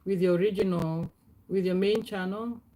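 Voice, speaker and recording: A middle-aged woman hosting a casual live stream, chatting loosely and calling out viewers by name, with frequent laughs and throat clearing. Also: on the low side, fairly even intonation, normal speed, dark tone.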